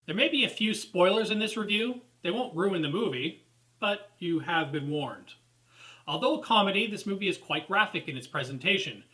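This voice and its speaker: A man delivering a scripted movie review, critical and openly sarcastic. His voice is bright and sits a little high for a man. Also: animated, moderate pace, soft background music, low-quality recording. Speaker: film reviewer.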